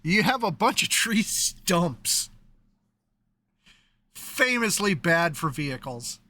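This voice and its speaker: Male game master, unhurried, bright voice, laid-back. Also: high-pitched, sing-song. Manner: laid-back, laughs often. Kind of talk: running a tabletop game.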